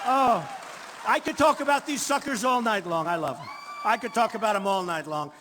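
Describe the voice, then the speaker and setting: A man's voice: very high-pitched, a little fast, a bit bright, a faint crowd, a little hiss or hum. A man in his sixties giving an off-the-cuff campaign rally speech, boastful and repetitive. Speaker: candidate at a rally. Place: large hall before a crowd. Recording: reverberant hall, faint ambience.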